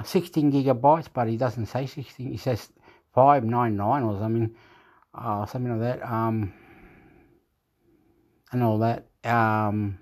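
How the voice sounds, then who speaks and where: A man vlogging into a phone at home, meandering and halting as he searches for words, chuckling often. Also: mid-range voice, darkish tone. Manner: meandering, keeps repeating "anyway", chuckles often. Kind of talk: rambling casual chat to camera.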